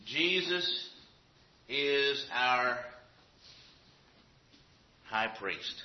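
A man's voice: mid-range voice, lively intonation, very slow. Man teaching a Bible class, roomy lo-fi. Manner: conversational, checks in with frequent "Okay?"; poses questions to the class. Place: classroom with a chalkboard. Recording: roomy, dull lo-fi recording.

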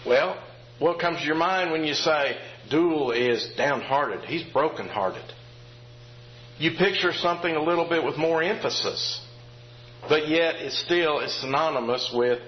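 A man's voice: on the high side, dull audio, slight background noise. Man preaching a plain teaching sermon. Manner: plain, repetitive teaching with frequent "okay?" check-ins.

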